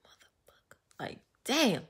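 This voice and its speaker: A woman chatting casually to her viewers, venting with animated storytelling and slang. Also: a little slow. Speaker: vlogger. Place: home, getting ready.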